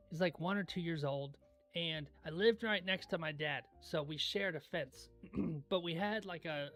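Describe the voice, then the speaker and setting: A young man hosting a livestream in casual chat, laid-back and rambling into stories, often clearing his throat. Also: a little high, fairly bright tone. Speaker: livestream host.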